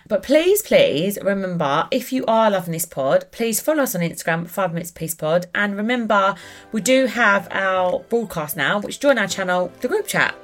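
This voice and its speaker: A woman's voice: mid-range voice, fairly bright tone. A woman hosting a podcast, chatting casually and animatedly, restarting sentences and exclaiming as she goes. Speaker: podcast host. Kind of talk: casual chat.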